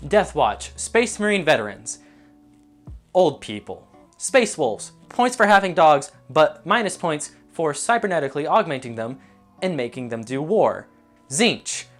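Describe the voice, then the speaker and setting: A man's voice: a little high, very animated, fairly bright tone, soft background music. A young man giving comedic, sarcastic commentary while ranking game factions as a YouTuber. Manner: jokey, sarcastic, quick asides.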